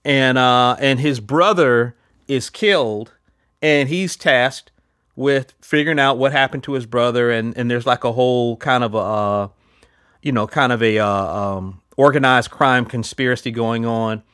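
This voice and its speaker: A man's voice: medium pitch, a little slow, a bit bright, clear, resonant tone, no echo, clean studio sound. A man casually chatting as a podcast host, rambling with lots of fillers and restarts. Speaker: podcast host reviewing films. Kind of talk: casual chat.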